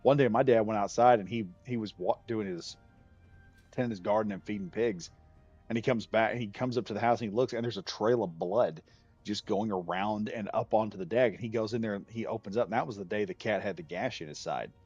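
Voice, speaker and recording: A man's voice: fairly low pitch, brisk, darkish tone, slightly rough, soft background music. A man telling a story in casual chat on a stream, down-to-earth and often laughing. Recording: dull dry lo-fi sound.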